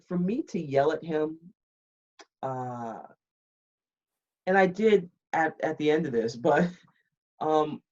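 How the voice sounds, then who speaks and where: A woman in her fifties, a retired military pilot, candidly telling a story on a podcast and acting out the dialogue. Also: low voice. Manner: candid and blunt, animated retelling with quoted dialogue. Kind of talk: casual interview storytelling. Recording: slightly muffled, dull recording.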